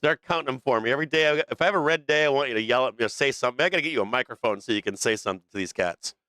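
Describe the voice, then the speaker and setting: A brash man calls live market trades, swearing freely and laughing between calls. His voice is bright and forceful, pitched a little high, with a smooth, crisp tone. The sound is dry and close, with no room around it. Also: very fast, no room sound. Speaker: stock market livestream host. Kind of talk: profane live trading commentary.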